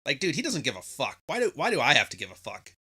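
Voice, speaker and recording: A man's voice: medium pitch, wildly swooping pitch, fast talker, sharp tone, breathy edge. A man hosting a podcast, talking casually in a profane, sarcastic monologue, often mimicking people mockingly. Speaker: podcast host.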